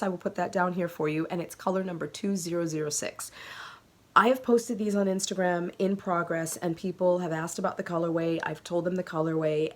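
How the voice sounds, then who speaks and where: A woman's voice: fairly low pitch, a little mellow. A woman hosting a knitting video podcast, chatting casually and gushing to viewers with plenty of ums. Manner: chatty, gushing, many fillers. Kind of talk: casual chat to camera.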